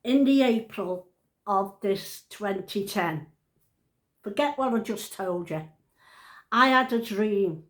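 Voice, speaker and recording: A woman's voice: medium pitch, lively intonation, slow, long pauses, reverberant. A woman in her seventies, telling a family story at home in a chatty, rambling way, often breaking off and interrupting herself. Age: 70s. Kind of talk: casual storytelling to camera.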